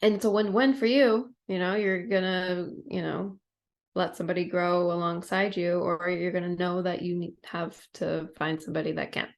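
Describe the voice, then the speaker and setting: A woman's voice: lowish voice, fairly even intonation, moderate pace, creaky. A woman guest on a podcast, telling a personal story in a reflective, casual way, full of "like" and "you know.".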